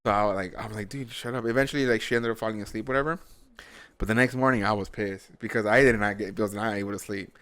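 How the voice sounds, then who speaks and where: A male podcast host telling a story in casual chat, animated and full of swearing, acting out what people said. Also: lowish voice, fast, smooth. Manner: animated, profane storytelling that acts out his own and others' lines.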